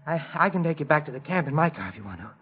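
A flustered road foreman, out of breath and tripping over his words. His voice sits high. It comes through a dull, muffled old radio broadcast. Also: sing-song, rapid-fire, slightly rough. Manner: stammering, urgent, repeats words. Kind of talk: 1940s radio acting.

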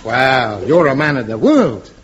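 A man's voice: mid-range voice, very animated, a little slow, a little hiss or hum. An actor playing a lovesick, bashful man who gushes in a mock-lyrical way in an old radio comedy. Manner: mock-lyrical, sentimental gushing. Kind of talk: 1950s radio comedy acting. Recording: dull old radio broadcast with audience.

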